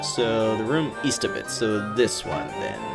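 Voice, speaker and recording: A man's voice: fairly low pitch, sing-song, a little slow, gravelly, over loud music. A man casually commenting and thinking aloud while playing a role-playing game. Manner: thinking aloud, puzzled asides. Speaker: let's play host.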